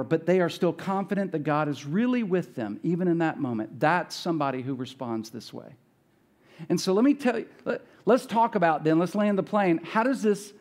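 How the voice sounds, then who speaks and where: A man's voice: high-pitched, a little mellow. A man preaching a sermon as pastor, talking in a conversational way and acting out the voices of biblical characters. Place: church.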